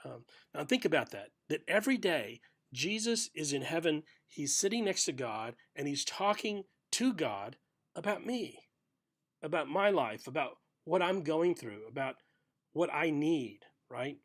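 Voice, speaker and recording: A middle-aged man giving a short, reflective sermon for a video podcast, telling a story gently with pauses. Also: on the high side, very animated. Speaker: pastor.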